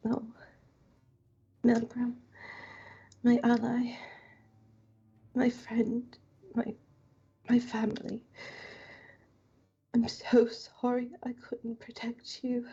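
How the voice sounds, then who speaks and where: Hushed grieving warrior woman, whispered by a female player, husky and dark, muffled audio. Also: a little high, monotone, very slow, pauses often, exaggerated voice. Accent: attempted character accent.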